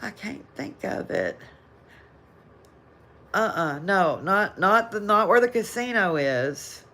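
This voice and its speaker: With a medium-pitched, somewhat bright, sing-song voice, an older Southern woman speaks slowly as she hosts a casual live chat. She reads viewer comments, rambles and laughs frequently.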